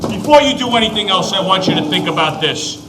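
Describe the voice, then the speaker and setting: A man's voice: high voice, expressive, quick pace, background noise. A man playing a pushy theater producer with a warning, persuasive manner.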